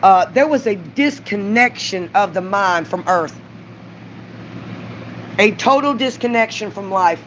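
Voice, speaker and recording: A woman's voice: medium pitch, lively intonation, unhurried, pauses often, fairly bright tone, slight background noise. Middle-aged southern woman ranting to her camera, swearing, rambling, dull lo-fi sound. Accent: Southern US (Mississippi). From Mississippi, US. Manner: rambling, blunt, profane, bursts of raised voice. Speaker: vlogger. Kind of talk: raw confessional monologue to camera. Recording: dull lo-fi recording.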